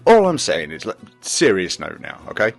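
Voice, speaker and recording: A man's voice: sits low, wildly swooping pitch, moderate pace, gravelly, faint music behind. A man delivering an exasperated, sardonic scripted rant as a podcast presenter. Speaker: segment presenter.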